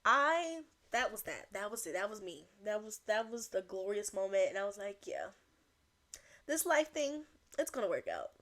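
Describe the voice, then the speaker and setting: Young woman, podcast host, solo comedic rant; animated, rambling, quick to laugh. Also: medium pitch.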